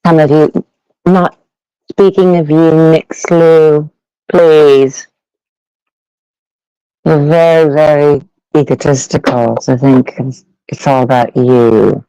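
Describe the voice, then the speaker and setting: A man's voice: fairly high pitch, steady tone, slow pace, long pauses, mellow, clean tone, no echo, dull audio. A man hosting a live audio panel, ranting in a rambling, profane, sarcastic way at listeners. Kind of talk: ranting casual monologue.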